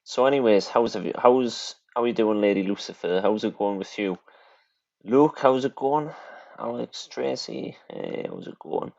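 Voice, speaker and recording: A man's voice: medium pitch, unhurried, vocal fry, darkish tone. A man hosting a casual livestream from his home kitchen, rambling and chatty and swearing freely. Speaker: livestream host. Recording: dull lo-fi stream audio, faint hiss.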